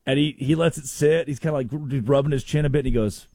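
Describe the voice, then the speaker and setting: A man hosting a casual, comedic sports talk show, telling stories with quick asides. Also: mid-range voice, no room sound, studio quality. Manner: animated storytelling with quick asides. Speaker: sports radio host.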